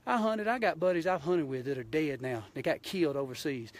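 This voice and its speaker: Brisk and animated, his voice on the high side, a Southern-accented man from Georgia hosts a hunting show and rants with passion on a live stream. The blunt, folksy tirade comes from a mountain outdoors, filmed on a handheld phone.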